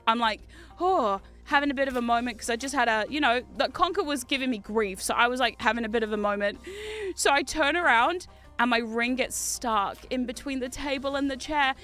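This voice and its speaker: A woman in her thirties, a streamer chatting casually while playing a game, telling stories in an animated way with laughter and swearing. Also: fairly high pitch, fairly quick, soft background music. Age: 30s. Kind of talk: casual gaming stream chat. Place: home gaming room.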